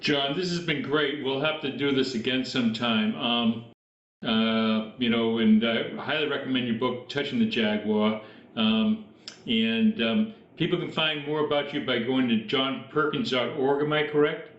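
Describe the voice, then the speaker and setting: A male host with a New Hampshire accent talks haltingly, filling pauses with ums and uhs. His voice sounds roomy and dull, as if picked up through a video call in an echoey room. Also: medium pitch, fairly bright tone. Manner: hesitant, many ums and uhs. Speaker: interview host. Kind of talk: casual video-call interview.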